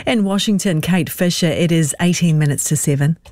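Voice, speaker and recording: A woman co-hosting live radio, chatty and relaxed with her colleague. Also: low voice, dry recording, studio quality. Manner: chatty, quick to laugh with her co-host. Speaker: radio co-host.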